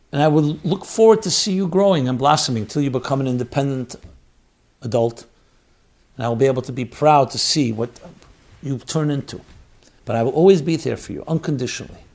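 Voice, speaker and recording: A man's voice: mid-range voice, vocal fry. A man speaking as a tender mother to her unborn baby. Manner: slow, soft and soothing.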